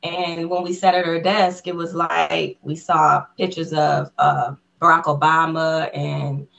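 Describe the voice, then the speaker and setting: An excited woman guest on an interview podcast recounts a personal story in a casual, chatty way, acting out the people in it as she goes. Her voice sits a little low for a woman. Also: unhurried, vocal fry, muffled recording.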